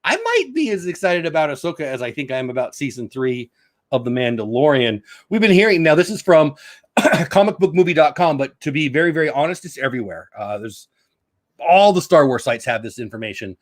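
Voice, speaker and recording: Middle-aged male host, slightly high voice, casual news chat, reads then riffs. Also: sing-song, a little fast. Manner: reads news aloud with asides. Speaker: show host.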